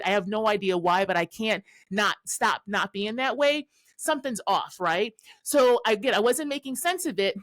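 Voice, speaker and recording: A woman's voice: fairly high pitch, no echo. Candid, laughing woman storyteller, dry sound. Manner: candid, profane, laughs often mid-story; addresses listeners directly, tags lines with "right?". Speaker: podcast host and astrologer. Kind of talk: casual storytelling monologue.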